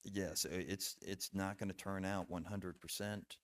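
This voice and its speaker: A middle-aged man, a podcast guest, telling stories in an earnest, halting way with restarts and fillers. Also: sits low, steady tone. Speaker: podcast guest, former bailiff. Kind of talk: casual storytelling conversation.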